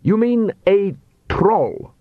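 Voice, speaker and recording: An imperious vampire master snaps out orders in a high, haughty voice, as a male reader puts him on. He sounds impatient and heard from a little distance. It is a dull, dry storybook recording. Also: expressive, very slow, dry recording, full character voice.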